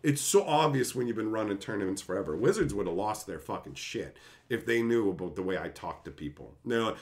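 A man's voice: on the low side, animated, fast talker. A man hosting a live stream, telling stories in a ranting, profane, laughing way. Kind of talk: casual storytelling on a live stream.

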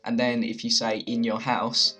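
Chatty young London man, bright voice. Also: medium pitch, flat delivery, moderate pace, faint music behind. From England. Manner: chatty, loose, with many "like"s and restarts. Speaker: video host teaching slang. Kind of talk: casual explainer to camera.

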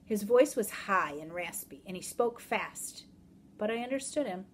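A woman's voice: medium pitch, expressive, a little slow, slight background noise. Woman reading a children's novel aloud. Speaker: audiobook narrator.

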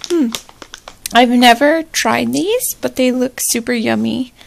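High, gushing woman vlogger. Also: slow, gravelly, background noise. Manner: gushing, excitable, with squealing exclamations. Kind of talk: casual unboxing chat.

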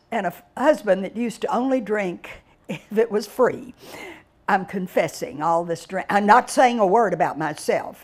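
An older woman from Texas, giving a digressive storytelling lecture with dramatic exclamations and drawn-out words. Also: mid-range voice. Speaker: guest speaker reviewing a book.

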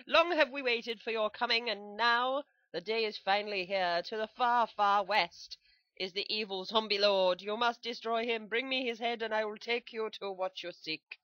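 A woman's voice: on the high side, steady tone, normal speed, a bit bright, no room sound, highs cut off, pitched above the performer's own voice, natural voice. Woman reading as a pompous fantasy king. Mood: mock-solemn. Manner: mock-solemn reading of quest text. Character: grandiose male fantasy king giving a quest.

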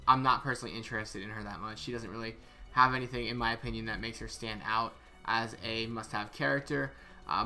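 A man's voice: mid-range voice, sharp tone. A man casually reviewing a game character, thinking aloud with some hesitant repeats. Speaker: game content creator.

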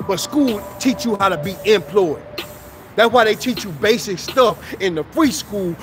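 A man, preaching motivation in a livestream rant outdoors, repeating himself and slipping into a sing-song. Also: high-pitched. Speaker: motivational streamer. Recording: music playing loud in the background.

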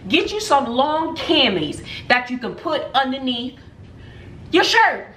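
A woman's voice: high voice, big pitch swings, slow, fairly bright tone, reverberant, slight background noise. A woman teacher chatting casually in a vlog, emotional and gushing, laughing often. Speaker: teacher and vlogger.

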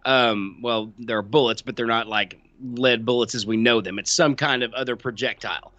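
Easygoing man with a bright voice. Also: medium pitch, fairly even intonation, normal speed, dry recording, lo-fi sound. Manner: easygoing, hesitant with fillers, dry quips. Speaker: podcast co-host. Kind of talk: casual chat.

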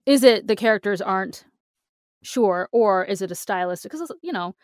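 A woman co-hosting a casual writing podcast, talking in an animated, emphatic way. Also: medium pitch, normal speed, no echo, clean studio sound. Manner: animated, emphatic, acts out quoted reactions. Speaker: podcast co-host.

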